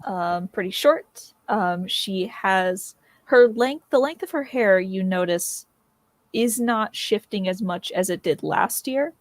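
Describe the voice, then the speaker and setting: Slow, thoughtful woman player. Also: medium pitch, no echo. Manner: slow, thoughtful, with many ums and likes. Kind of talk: describing her character in a tabletop game.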